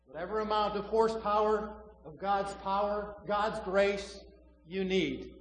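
A preacher delivers a sermon with dramatic swings, booming on some phrases and falling almost to a whisper on others, leaning hard on key words. His voice sits somewhat high for a man. A long reverb from the church hall trails each line. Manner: dramatic preaching, swells loud then drops to a hush, slow emphatic stresses.

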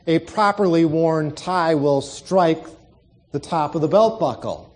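A man's voice: a little high, measured pace. A man voicing a critical woman churchgoer who complains about everything, in a joke told during a sermon. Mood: fussy. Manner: nitpicking, complaining.

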